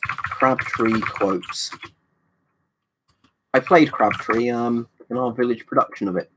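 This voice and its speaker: This man rambles through a casual live stream, reading out chat comments and swearing freely. His speech is full of fillers and half-restarted thoughts. His voice sits at an average pitch for a man. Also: fairly quick, a little hiss or hum.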